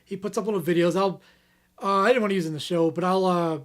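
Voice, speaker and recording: A man's voice: sits high, fairly even intonation, fast. A man co-hosting a comedy podcast, reading out fan questions in an easygoing way with many fillers. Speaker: podcast co-host. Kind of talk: casual comedic chat.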